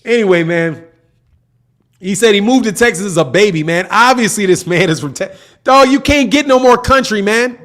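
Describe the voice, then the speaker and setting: High-voiced, laughing man. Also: animated, moderate pace, fairly bright tone. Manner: laughs often, slangy, repeats "man". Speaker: boxing channel host. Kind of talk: casual livestream chat reading comments.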